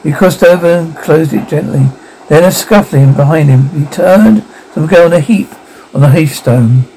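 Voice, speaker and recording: A man's voice: on the high side, moderate pace, mellow, slight background noise, low-quality recording. A man narrating a ghost story aloud as an audiobook, giving the characters light voices of their own.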